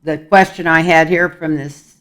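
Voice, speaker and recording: A man's voice: a little high, steady tone, moderate pace, a bit bright. An older man giving a casual tarot reading, talking in a rambling, folksy way with chuckling asides. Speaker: tarot reader.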